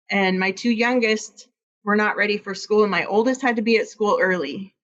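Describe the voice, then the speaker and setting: A woman's voice: mid-range voice, fairly bright tone, highs cut off. A woman from Iowa, a podcast guest, candidly telling a personal story and acting out quoted dialogue.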